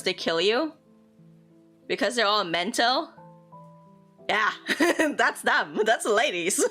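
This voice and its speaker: Bright, animated young woman streamer. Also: mid-range voice. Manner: playful, chatty and animated, swears casually. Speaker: streamer teaching Japanese. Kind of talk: casual live-stream chat.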